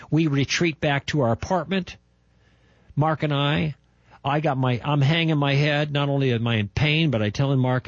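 An older man recounts a personal testimony, driving his points home with repetition and emphasis. His voice is husky, at an ordinary pitch for a man. The recording is dry and a little dull. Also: dry recording. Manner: animated, emphatic storytelling with repetitions. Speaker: testimony speaker.

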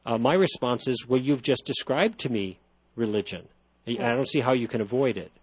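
A man's voice: medium pitch, a little fast, husky, no room sound. A man hosting a call-in radio talk show, explaining ideas thoughtfully with frequent restarts.

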